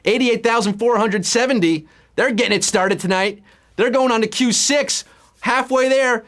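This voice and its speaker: A man's voice: extremely high pitch, normal speed. A man hosting a live trivia game show, reading questions and answers in a playful, punning, hyped-up way. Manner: playful, punning, lively hype. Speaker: quiz show host.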